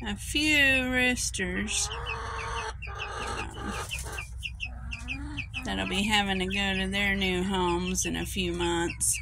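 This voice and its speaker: A woman's voice: mid-range voice, takes it slowly, long pauses. A woman keeping backyard chickens, talking casually and coaxing her pets and hens in a sing-song way outdoors by the coop. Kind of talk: casual farm vlog. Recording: noisy, clucking chickens behind. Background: chickens clucking and roosters.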